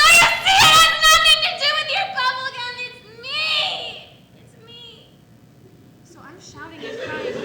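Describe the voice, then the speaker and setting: An actress playing a frustrated little girl telling a story in a stage monologue, rising to shouting and crying. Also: high-pitched. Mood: upset. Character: small girl, frustrated and put-upon. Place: echoey theater stage. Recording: echoey stage recording with background noise.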